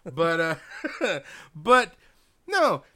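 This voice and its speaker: A man in his forties co-hosting a casual TV recap chat, animated, acting out scenes, swearing and laughing often. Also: high voice, very slow. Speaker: podcast co-host.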